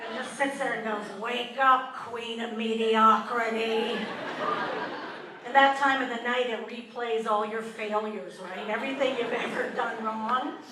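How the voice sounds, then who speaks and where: A woman's voice: fairly high pitch, normal speed, few pauses, far from the mic, noisy background. An older Canadian woman doing a self-deprecating stand-up routine on a theatre stage, chatting with the crowd. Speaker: stand-up comedian. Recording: roomy live venue mic, audience ambience.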